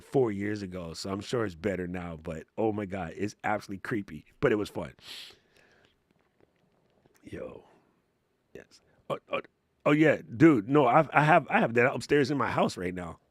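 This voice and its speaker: A man's voice: mid-range voice, no echo, clean studio sound. A man hosting a casual livestream Q&A, telling stories in a laid-back, slangy way and laughing often. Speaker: host answering live chat questions.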